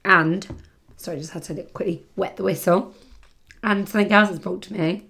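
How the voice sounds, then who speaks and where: A woman's voice: fairly low pitch, fairly even intonation, normal speed, creaky. A British woman hosting a casual solo podcast, chatting in a rambling way, full of fillers and self-corrections. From Britain. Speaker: podcast host. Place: home setting near the seaside.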